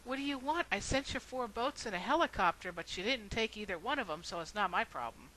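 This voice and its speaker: A woman's voice: mid-range voice, lively intonation, brisk, pushed and bright, poor audio. A woman voicing God as an exasperated, blunt man in a joke.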